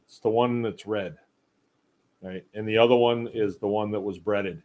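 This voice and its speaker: A man's voice: lowish voice, fairly even intonation, moderate pace, darkish tone. A middle-aged man hosting a casual chat, rambling in a folksy way and reading viewer comments aloud. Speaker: podcast host. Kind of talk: casual live-stream chat.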